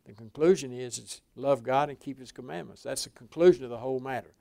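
A man's voice: medium pitch, quick pace, creaky, dark tone, dry recording. An older man preaching a folksy sermon, telling rambling stories with frequent restarts.

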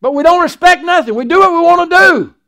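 A man's voice: extremely high pitch, expressive, quick pace, vocal fry, sharp tone. An older man, a pastor preaching a folksy sermon and acting out Bible dialogue.

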